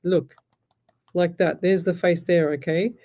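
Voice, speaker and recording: A woman's voice: on the low side, fairly even intonation, unhurried, mellow. An Australian woman hosting a live radio show as a psychic medium, chatting in a rambling way and laughing often as she tells stories. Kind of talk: live radio reading, casual chat.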